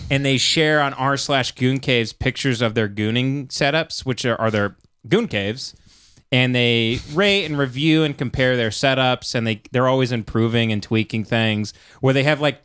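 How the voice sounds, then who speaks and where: A man co-hosting a comedy podcast, explaining things in a rambling deadpan way with frequent restarts. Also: mid-range voice, clean tone, no echo, clean studio sound. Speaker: podcast co-host. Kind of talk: casual comedy podcast chat.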